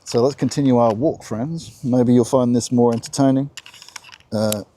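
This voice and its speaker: A man's voice: medium pitch, steady tone, normal speed, warm tone, slight background noise. A man hosting a live-streamed talk while walking outdoors, musing and answering his own questions. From Australia. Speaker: host. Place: outdoors by the coast.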